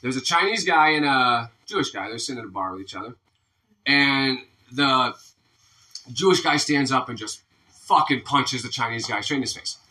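A man hosting a casual podcast, loud and joking, laughing often as he tells crude jokes. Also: mid-range voice, lively intonation, normal speed, recorded from a distance. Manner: loud, joke-telling, laughs a lot. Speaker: podcast host.

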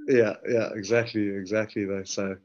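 Pro rugby guest, NZ accent, lowish voice, slangy storyteller, dull lo-fi sound. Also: male voice, normal speed. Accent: New Zealand. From New Zealand. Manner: relaxed, slangy, swears, acts out quoted dialogue. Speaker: guest, professional rugby player. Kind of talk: casual storytelling.

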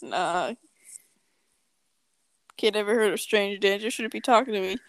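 A young woman co-hosting a podcast tells a story in a joking, profane, casual chat, her medium-pitched voice unhurried. The recording has no room sound.

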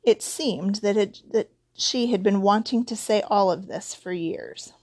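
A woman reads a storybook aloud, narrating with a steady, expressive delivery. Her voice sits at a middle pitch for a woman. She moves calmly through the scene between the characters' lines. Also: a little slow. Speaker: audiobook narrator.

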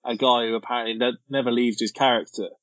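A man's voice: mid-range voice, fast talker, dry recording. Male co-host, casual chatty film talk; dry, muffled podcast audio. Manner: relaxed, chatty, quotes film lines with amused laughter.

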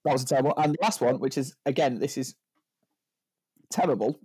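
A man's voice: mid-range voice, a little fast, dark tone, husky, dry recording. A man co-hosting a casual podcast chat, rambling and joking, tagging lines with "right?". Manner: rambling, jokey, stacks up "right?" tags. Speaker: podcast co-host.

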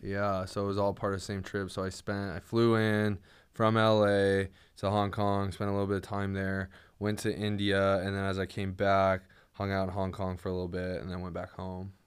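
A laid-back young man co-hosting a podcast, his voice low and smooth. He chats casually, leaning on "dude" and "like" as he rambles through his stories. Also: monotone, moderate pace. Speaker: podcast co-host. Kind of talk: casual chat. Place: podcast studio.

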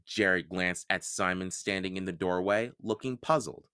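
A man hosting a read-aloud podcast, reading a children's novel in a slow, expressive storytelling manner. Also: sits low, clear, resonant tone, no echo, studio quality.

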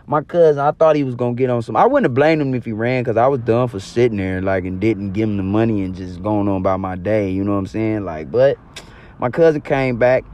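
A man's voice: mid-range voice, a little mellow. A young man telling a personal story to the camera, casual, slangy and full of profanity. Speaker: storyteller vlogger.

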